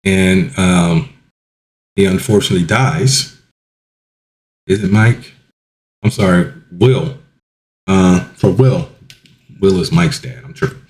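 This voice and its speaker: Male podcast host, low voice, casual rambling recap style, echoey room. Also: a little slow, long pauses. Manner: rambling recap with frequent ums and self-corrections. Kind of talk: casual solo review podcast.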